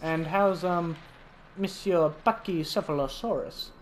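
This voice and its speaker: A man chatting his way through a game session, playful and talkative, joking with the animals on screen and then working through his plans out loud. His voice sits at a medium pitch, with a little faint noise in the background. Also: a little slow. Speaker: gaming channel host. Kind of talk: casual gameplay commentary.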